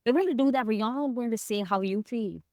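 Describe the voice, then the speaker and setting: A woman guest speaks candidly and from the heart about her own past, reflective and emotional, and at times she tears up. Her voice sits a little high for a woman, is fast, and has a darkish tone. The sound is dry and close, with no room sound at all.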